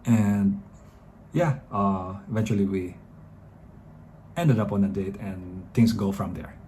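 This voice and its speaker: Low, mellow-voiced man giving dating advice. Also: steady tone, takes it slowly, a little hiss or hum. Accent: Filipino English. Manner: chatty, rambling, addresses viewers as guys. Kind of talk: casual advice talk to camera.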